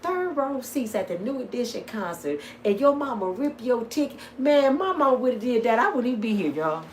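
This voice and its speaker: A middle-aged woman talking to her viewers in a casual vlog, swinging from lively storytelling to heated, preaching talk. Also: on the high side, fairly quick, slight background noise. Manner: plain-spoken, addresses viewers as y'all. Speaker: vlogger. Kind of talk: casual storytelling and emotional monologue.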